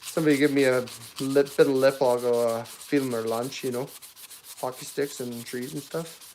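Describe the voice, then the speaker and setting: A man with a Canadian accent voicing an exaggerated folksy Canadian backwoods man, boastful and jokey with a broad, drawn-out delivery. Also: mid-range voice, fairly even intonation, a little mellow, slight background noise, lightly acted. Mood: hammy.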